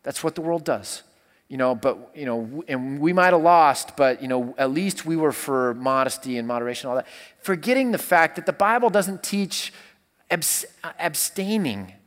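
A man's voice: on the high side, moderate pace, a bit bright, big-room sound. A man who is a college pastor, telling a story in casual talk, rambling with many restarts.

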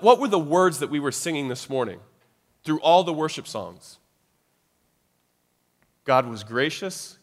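Conversational male preacher in a reverberant hall. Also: on the high side. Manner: conversational, frequent "right?" tag questions. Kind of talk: sermon.

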